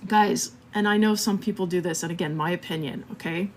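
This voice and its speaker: A woman's voice: lowish voice, fairly even intonation, a little fast, a little hiss or hum. A woman hosting a live marketing stream, talking casually and a bit scattered, laughing often and checking in with "okay?".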